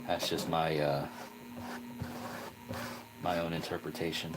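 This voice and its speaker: A man's voice: a bass voice, little pitch movement, takes it slowly, long pauses. A man hosting his own channel, talking casually about rune names while he works, asking rhetorical questions and playing down his own views. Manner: musing, self-deprecating, asks rhetorical questions. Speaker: rune craft channel host. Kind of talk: casual explanatory talk while crafting. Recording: noisy home recording.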